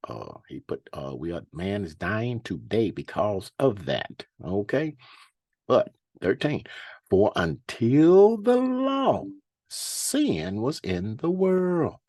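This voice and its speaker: Husky man preaching with lively, swooping pitch. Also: no room sound, clean studio sound. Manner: reads scripture slowly with emphasis, then comments in folksy asides; conversational with rhetorical questions and drawn-out hums. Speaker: Bible teacher. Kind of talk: informal Bible study sermon.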